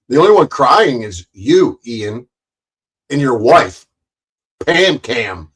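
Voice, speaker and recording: A man's voice: fairly high pitch, animated, a little slow, a bit bright, slightly rough. A man doing angry ranting commentary on a livestream, profane and confrontational, often stumbling and repeating words. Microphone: streaming mic.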